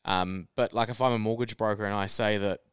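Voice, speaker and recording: Smooth, low-voiced man explaining on a podcast. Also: a little fast, no room sound, clean studio sound. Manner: steady, explaining with examples. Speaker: podcast co-host. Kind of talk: casual podcast chat.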